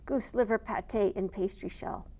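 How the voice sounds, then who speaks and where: A woman reading a picture book aloud to listeners with an expressive, animated delivery. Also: mid-range voice, normal speed, slight background noise. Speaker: storyteller.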